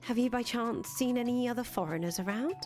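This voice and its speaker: A woman's voice: on the high side, a little fast, a little mellow, faint music behind, natural voice. A woman voicing an earnest young foreign traveler who talks chattily and stammers when she gets nervous, in a fan voice acting of a visual novel. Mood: friendly.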